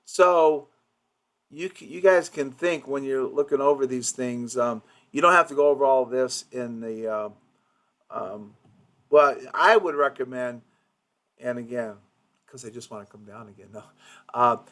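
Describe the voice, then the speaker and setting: A man's voice: medium pitch, measured pace, fairly bright tone. A man coaching office staff in an informal training session. He rambles with restarts and acts out patient quotes.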